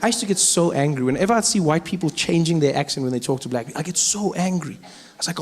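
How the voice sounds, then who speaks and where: A South African male stand-up comedian with a South African accent, telling stories in a lively, playful way. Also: a little high, fast talker. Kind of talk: stand-up storytelling.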